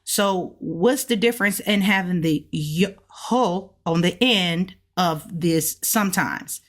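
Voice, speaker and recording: A woman's voice: fairly low pitch, slow. A woman hosting a casual video lesson, explaining step by step and drawing out sounds to demonstrate them. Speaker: host of a language-learning channel.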